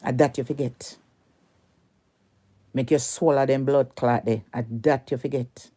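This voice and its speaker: A woman's voice: rumbling low, fairly even intonation, a little slow, warm tone. A Jamaican woman delivering a heated, cursing rant at a rival on social media, repeating her insults over and over.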